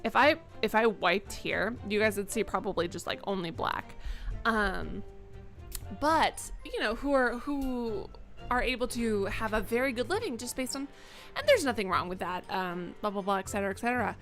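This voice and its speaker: A woman's voice: mid-range voice, lively intonation, moderate pace, fairly bright tone, faint music behind. A young woman livestreaming a game, chatting candidly and rambling to viewers, swearing freely, into a desk microphone. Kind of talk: casual live-stream chat while gaming.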